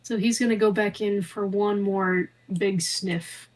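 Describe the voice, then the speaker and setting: A woman's voice: medium pitch, steady tone, unhurried, darkish tone, recorded from a distance, poor audio. A woman playing in a tabletop game, weighing her options in a matter-of-fact way. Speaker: player. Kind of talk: casual tabletop play.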